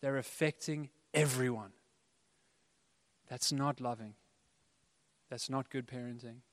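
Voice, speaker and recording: A man's voice: medium pitch, steady tone, slow. A man preaching a sermon as pastor, earnest and conversational with playful asides, in a large church hall. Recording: long hall reverb.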